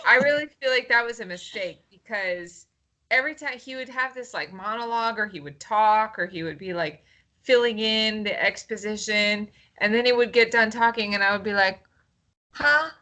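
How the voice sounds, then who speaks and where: A woman's voice: medium pitch, normal speed, pushed and bright. A woman co-hosting a casual film review chat, playful and exaggerated in her reactions. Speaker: podcast co-host.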